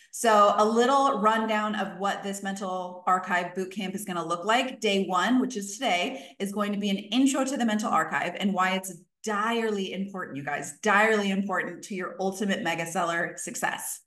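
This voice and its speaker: A woman coach teaching a live online workshop, emphatic and energetic, repeating key points for stress. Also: mid-range voice, roomy sound.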